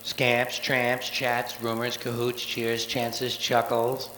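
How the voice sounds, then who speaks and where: A man doing a live stand-up routine, profane and sardonic, with rapid-fire wordplay, on a theater stage before an audience. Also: medium pitch, completely flat delivery, pushed and bright. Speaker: stand-up comedian. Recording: echoey live soundboard tape with faint hiss.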